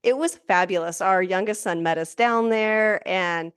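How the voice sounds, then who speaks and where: A woman's voice: medium pitch, unhurried, smooth, no room sound, studio quality. A woman hosting a casual podcast chat, upbeat and encouraging toward her guest. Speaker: podcast host.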